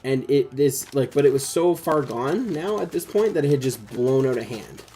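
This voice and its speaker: A man's voice: mid-range voice, animated, normal speed, warm tone, a little hiss or hum, low-quality recording. A young man hosting a casual chat, telling a rambling personal story full of swearing and fillers. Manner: rambling, swears a lot, heavy use of "like". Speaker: host.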